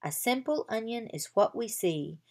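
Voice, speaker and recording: A woman reading aloud as a calm, cautious old bearded wizard who teaches young dragon trainers. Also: on the high side, normal speed.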